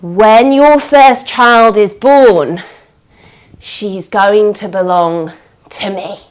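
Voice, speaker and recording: A woman voicing a stern, scheming witch in a children's story, speaking slowly and low. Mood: menacing. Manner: slow, low and menacing.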